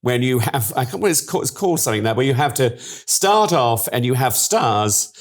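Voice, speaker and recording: A man's voice: medium pitch, expressive, a little fast. An older man, a guest in an interview, telling stories in a theatrical, gushing way and laughing often. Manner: theatrical, gushing storyteller who laughs a lot. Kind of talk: anecdotal interview chat.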